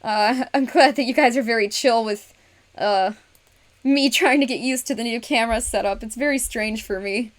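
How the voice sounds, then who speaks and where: A woman's voice: a little high, moderate pace. Chatty woman streaming a craft session. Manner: chatty, laughs often, talks herself through each step; speaks to viewers in chat. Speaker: livestream host. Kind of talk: casual livestream chat while crafting.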